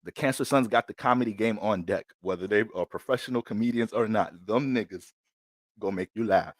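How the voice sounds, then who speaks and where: A man's voice: fairly low pitch, a little fast, no echo, studio quality. Slangy New man on a livestream. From Bronx, New York. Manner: loose, slangy, animated storytelling. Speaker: astrologer hosting a livestream. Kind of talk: casual livestream chat.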